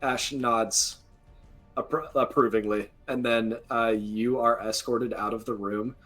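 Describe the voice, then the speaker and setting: A man's voice: mid-range voice, steady tone, a little slow, a bit bright, faint music behind. A man running a tabletop game as game master, narrating casually with many fillers.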